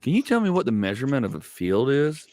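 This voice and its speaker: A comedian from Georgia with a Southern accent tells comic stories on a live chat show, acting out quoted dialogue and swearing casually. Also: male voice, mid-range voice, big pitch swings, fast talker, darkish tone, dry recording. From Georgia, USA. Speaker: comedian and co-host.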